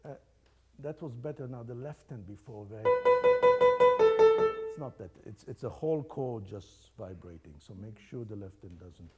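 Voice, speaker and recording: A man's voice, on the low side and at normal speed, belongs to an older teacher running a music master class. He's encouraging and playful, demonstrating by singing phrases for his young players while chamber music sounds faintly behind.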